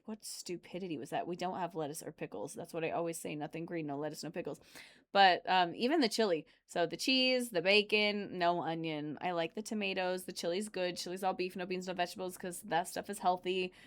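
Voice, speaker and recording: On a live stream, a woman chats casually and rambles, responding to viewer comments as she reacts to videos. Her voice is on the low side and she talks fairly quickly.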